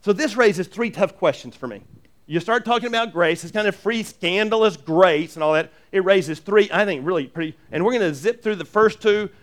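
A man preaching a sermon as pastor, earnest and animated, with jokey asides and lots of repeated restarts. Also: sits high, normal speed.

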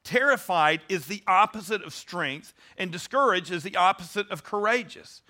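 A man's voice: sits high, expressive, normal speed, sharp tone. A man preaching a sermon, earnest, stressing key words and often restarting his sentences. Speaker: pastor.

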